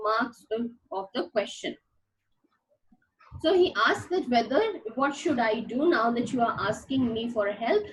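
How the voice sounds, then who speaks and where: A woman with a high voice teaches a classic play, walking her students through each line. She paraphrases patiently and fills her pauses with "uh" and "you know". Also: poor audio. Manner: paraphrases slowly with many fillers. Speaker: literature teacher.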